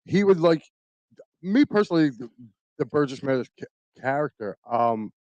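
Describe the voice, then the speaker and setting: A man co-hosting a casual sports podcast, excitable with loud bursts. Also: fairly high pitch, normal speed, dry recording, rough recording. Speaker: podcast co-host.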